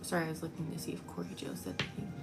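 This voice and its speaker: A woman reads tarot cards on a live stream, her pitch sitting a little low yet leaping around with lively excitement. She chats casually, squeals, then drops to a murmur, and clear music plays behind her. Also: very fast. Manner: chatty and expressive, swinging between excited squeals and low murmurs. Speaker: tarot reader.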